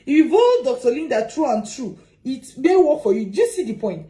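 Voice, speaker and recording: A woman giving advice as a migration consultant, animated and repeating her points with rhetorical questions. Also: high voice, brisk, low-quality recording. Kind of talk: advice talk to camera.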